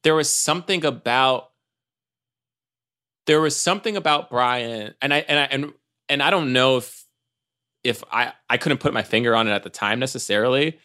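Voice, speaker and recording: A man's voice: mid-range voice, pushed and bright. A man talking casually as a podcast guest, stopping and restarting often. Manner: halting, many restarts and "like"s. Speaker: podcast guest, former church member.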